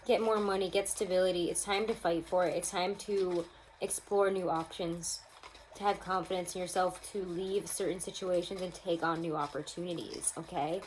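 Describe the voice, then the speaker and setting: A young woman reads tarot casually to camera in a room at home, chatty and upbeat, talking to her viewers as "guys." Her fairly low voice has fairly even intonation and a moderate pace, on poor audio with slight background noise.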